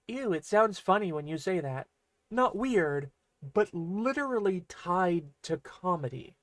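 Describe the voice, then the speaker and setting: A man teaching an online language lesson in a casual, chatty way. His voice sits a bit high, and it springs up on the example words he highlights. The recording is dry and close, with no room echo. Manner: chatty, explanatory, with lively pitch jumps on example words.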